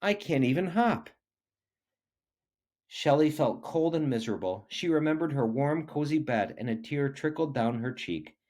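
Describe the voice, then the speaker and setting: A man reading a children's picture book aloud, expressive and animated. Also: medium pitch, moderate pace, few pauses. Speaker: reader.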